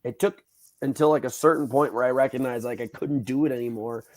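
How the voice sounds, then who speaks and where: Man, thirties, casual chat, animated, mid voice, acts out quotes. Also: medium pitch, fairly quick. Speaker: podcast host.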